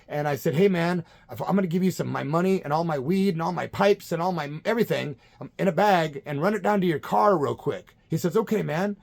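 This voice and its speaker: A middle-aged man telling a story from his youth in a casual, animated way, acting out other people's lines. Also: on the high side. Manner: animated, acts out quoted voices, swears casually. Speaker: punk vocalist telling a story.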